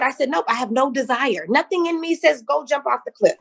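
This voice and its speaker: Quick and creaky, this high-pitched voice belongs to a middle-aged entrepreneur guesting on a relaxed interview. She's an animated storyteller who acts out the voices of those she quotes.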